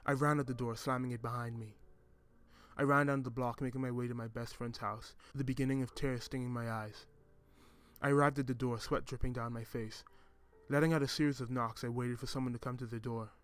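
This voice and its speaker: A man reading a first-person story in a measured, reflective way. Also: medium pitch, fairly even intonation. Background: music.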